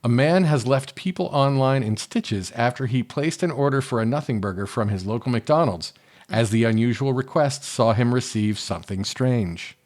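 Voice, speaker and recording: Man, podcast co-host, rambling and halting delivery, very animated intonation. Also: mid-range voice. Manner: rambling, halting, with restarts and asides. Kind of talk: casual podcast chat, reading an article aloud.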